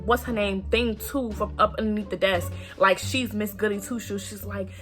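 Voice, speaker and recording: A young woman casually telling a story to her viewers, animated and profane, talking to them directly and acting out the voices of people in it. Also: mid-range voice, moderate pace, soft background music. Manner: acts out quoted voices. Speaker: storytime vlogger.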